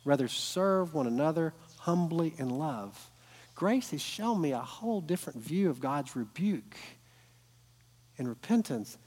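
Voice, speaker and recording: A middle-aged man preaching a sermon, telling family stories with earnest build-ups to emphatic points. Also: on the high side. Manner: earnest storytelling, rising to emphatic peaks. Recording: long hall reverb.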